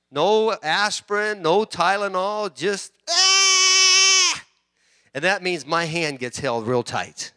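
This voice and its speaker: Middle-aged male pastor, higher-pitched, sharp tone, animated sermon delivery with loud peaks and quiet asides. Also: smooth, dry recording, clean studio sound. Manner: repeats words and restarts often.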